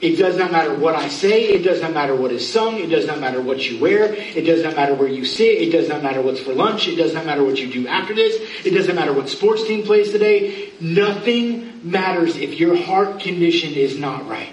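A man's voice: on the high side, animated, a little fast, a little hiss or hum. A pastor in his thirties giving an earnest, pleading sermon, with self-mocking asides. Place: church sanctuary. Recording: echoey room, from far off.

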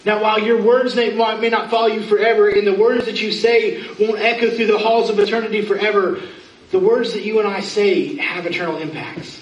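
A man's voice: high-pitched, steady tone, fairly quick, muffled recording, a little hiss or hum. A pastor in his thirties giving an earnest, pleading sermon, with self-mocking asides. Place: church sanctuary. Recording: echoey room, from far off.

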